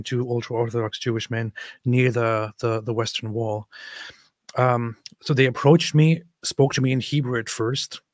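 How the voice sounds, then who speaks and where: A man telling a personal story in a reflective, halting way, often restarting his sentences. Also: mid-range voice, no echo, clean studio sound. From United States.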